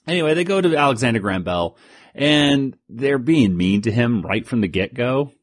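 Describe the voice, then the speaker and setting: A man co-hosting a podcast in casual chat, rambling through a comic recap and jumping into higher voices for quoted lines. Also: lively intonation, normal speed, no room sound. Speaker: podcast co-host.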